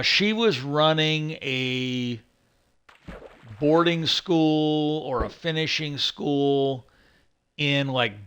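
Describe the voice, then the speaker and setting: A man's voice: mid-range voice, fairly bright tone, smooth. A man chatting casually as a streamer, rambling with many fillers, restarts and swearing. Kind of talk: casual chat.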